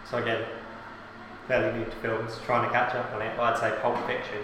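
A man's voice: medium pitch, completely flat delivery, brisk, noisy background. A man in a casual group chat, chatty and full of fillers. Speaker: podcast guest. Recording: echoey room.

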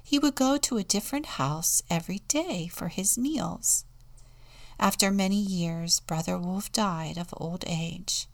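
A woman deacon reading a children's storybook aloud in a slow, soft, often hushed manner. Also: on the low side.

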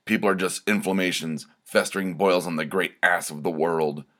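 A man playing a sneering mad-scientist villain in a spoken storybook, misanthropic and menacing, low and slow, spitting contempt at everyone around him. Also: steady tone, a bit bright.

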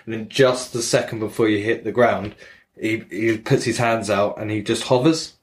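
A man with a fairly low voice rambles through a game recap, piling up fillers and restarts. He tells it in a loose, animated podcast manner. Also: moderate pace. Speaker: podcast host. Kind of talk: casual chat recapping a game.

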